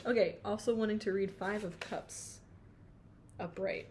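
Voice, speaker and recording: A woman talks through a tarot reading in a loose, chatty way, reading out card meanings and then riffing on them. She's playful and quick to laugh at herself, now and then drifting into a few sung notes. A faint hiss sits beneath her voice. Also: mid-range voice, fairly even intonation, darkish tone. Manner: chatty, self-interrupting, sings snatches of song.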